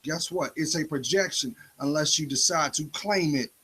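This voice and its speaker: A man's voice: fairly high pitch, moderate pace, pushed and bright, husky, low-quality recording. A man delivering a preachy spoken-word monologue, confronting the listener with rhetorical questions.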